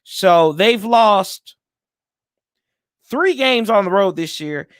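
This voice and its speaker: A man with a fairly high voice chats casually from home as a podcast host. He talks loosely and catches his own slips as he goes. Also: expressive, takes it slowly, a bit bright, dry recording, clean studio sound. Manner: loose and chatty, with frequent fillers and self-corrections. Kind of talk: casual sports preview chat.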